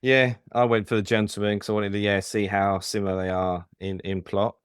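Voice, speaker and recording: A man's voice: fairly low pitch, flat delivery, smooth, no room sound, clean studio sound. A man co-hosting a casual film podcast, easygoing and agreeable. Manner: easygoing, agreeable, quick to say yeah. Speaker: podcast co-host.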